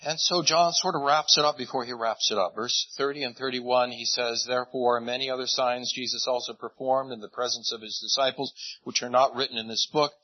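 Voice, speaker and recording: A man's voice: medium pitch, no room sound, lo-fi sound. A man preaching a sermon, retelling a Bible story in a conversational, storytelling way. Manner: conversational storytelling, retelling scenes in lively voices.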